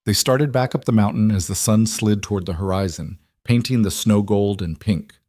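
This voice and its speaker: A man narrates a western story in a calm, even storytelling voice. His voice is low. The sound is close and dry, with no room around it. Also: normal speed, no room sound. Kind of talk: scripted narration.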